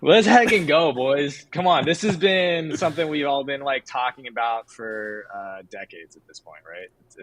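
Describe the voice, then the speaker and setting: A man co-hosting a casual livestream chat, excitable and joking, often drifting onto tangents. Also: mid-range voice, moderate pace, hardly any pauses, crowd noise, low-quality recording. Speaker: co-host.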